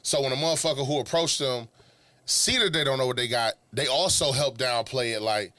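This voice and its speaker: A man's voice: medium pitch, fairly quick, sharp tone, dry recording. A man co-hosting a podcast, riffing loosely in casual chat with profane slang. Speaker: podcast co-host.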